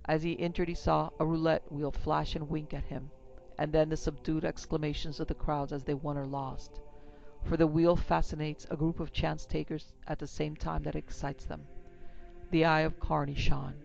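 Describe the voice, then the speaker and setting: A man narrating an old western story in a measured, steady reading. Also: on the high side, gravelly, muffled recording, soft background music.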